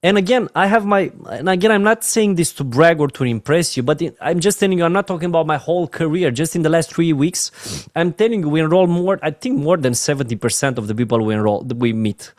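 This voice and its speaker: An emotional man with a Romanian accent leads a motivational training session, pleading and heartfelt. His voice sits fairly high for a man, and the sound is dry and close. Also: fast talker, no echo. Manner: earnest, emotional, repeats "my friends" softly. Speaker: network marketing trainer.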